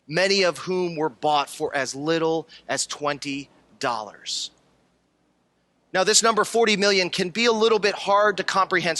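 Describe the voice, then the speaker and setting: A man delivering a prepared stage talk, building rhetorical lists with dramatic pauses. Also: a little high, sharp tone. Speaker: speaker at a conference talk.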